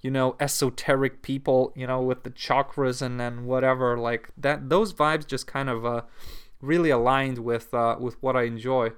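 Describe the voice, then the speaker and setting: A man's voice: mid-range voice, level tone, normal speed, smooth. A man at home talking casually to camera, rambling and swearing, full of fillers and restarts.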